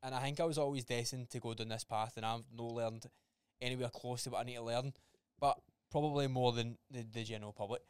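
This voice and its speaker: A young man co-hosting a podcast, chatting in a sweary, excitable way. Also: medium pitch, fast, clear, resonant tone, dry recording, studio quality. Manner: sweary, excitable, animated retellings. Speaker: podcast co-host. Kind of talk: casual chat.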